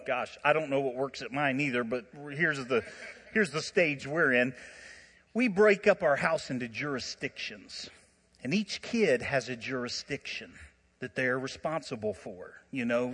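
A man preaching a sermon, telling stories in an animated way with frequent laughter and asides. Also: mid-range voice, big-room sound. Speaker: pastor.

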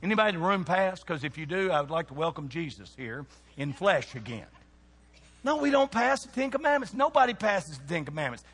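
A man preaching a sermon to young people, animated and throwing questions out to the crowd. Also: fairly high pitch, a little fast, husky. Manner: animated, asks the audience questions. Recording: long hall reverb.

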